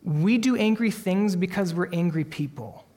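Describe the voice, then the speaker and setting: A man preaching a sermon as pastor, earnest and emphatic, swinging from strong peaks down to soft, quiet lines. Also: high voice, moderate pace. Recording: long hall reverb.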